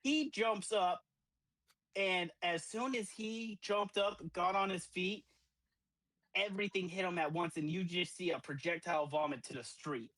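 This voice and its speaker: A young man in his twenties, co-hosting a podcast and telling a profane, animated party story with acted-out quotes. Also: high-pitched, measured pace, no room sound, poor audio. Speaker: podcast co-host. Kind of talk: casual storytelling.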